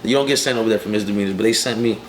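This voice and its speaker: Young guy rattling off his story quick, lots of cussing and fillers, roomy echo with a bit of hiss behind. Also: lowish voice. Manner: streetwise, profane, rapid storytelling with many fillers. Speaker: rapper, interview guest. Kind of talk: casual interview storytelling. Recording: echoey room with faint ambient noise.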